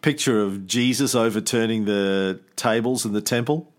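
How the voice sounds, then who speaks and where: A man with a fairly low voice and a moderate pace hosts a casual history podcast. He tells the story loosely and chattily, with animated delivery, the odd swear word, and put-on voices for quotes.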